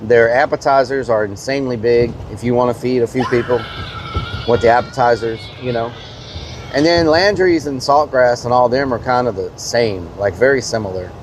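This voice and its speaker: A man's voice: medium pitch, normal speed, slight background noise. A man, a streamer casually telling a rambling story to his live chat, full of fillers and mild swearing.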